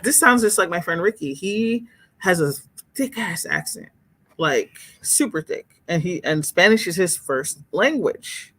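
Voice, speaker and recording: A woman's voice: on the low side, measured pace. A woman hosting a livestream in casual chat, speaking candidly and expressively to viewers as she reads their comments. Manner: candid and expressive, exclaims and laughs, talks straight to viewers.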